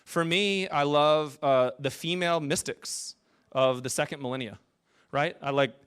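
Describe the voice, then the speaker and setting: Male pastor, informal sermon, animated and playful with the room, slightly high voice. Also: measured pace, smooth. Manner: animated, jokey, talks with the congregation. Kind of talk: conversational sermon.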